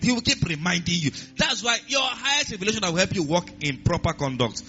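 Man preaching a sermon, kinda high voice, muffled recording, music going behind him. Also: fast talker, hardly any pauses. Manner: lively, emphatic preaching with repeated refrains. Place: church.

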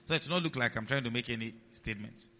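A male pastor preaching a sermon, often asking the congregation if they follow and repeating key lines, swinging between loud emphasis and quiet asides. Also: mid-range voice, rapid-fire. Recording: long hall reverb, dull lo-fi sound.

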